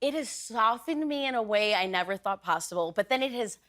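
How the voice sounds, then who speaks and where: A woman's voice: fairly high pitch, expressive, brisk, fairly bright tone. A woman in her thirties, a talk show guest chatting in a bubbly way and acting out little voices as she tells stories. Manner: bubbly, storytelling with acted-out voices. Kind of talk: animated talk show chat.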